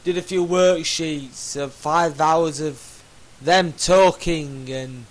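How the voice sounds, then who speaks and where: A man's voice: a little high, steady tone, takes it slowly, low-quality recording. A man ranting in exasperation over a game, stammering as he goes. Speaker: gamer. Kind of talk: game commentary rant.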